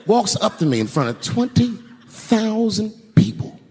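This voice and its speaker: Animated stand-up comedian in an arena. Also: male voice, sits high, measured pace. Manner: animated, profane, acts out voices. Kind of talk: stand-up storytelling. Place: large arena stage. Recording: live arena recording with long reverb and crowd noise.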